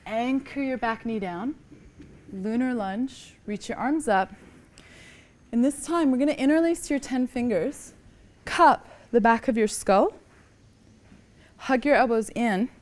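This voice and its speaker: A woman teaching a yoga class, giving calm, encouraging cues and slightly out of breath as she moves through the poses. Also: on the high side. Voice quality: calm, encouraging cueing, often soft. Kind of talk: guided yoga class instruction.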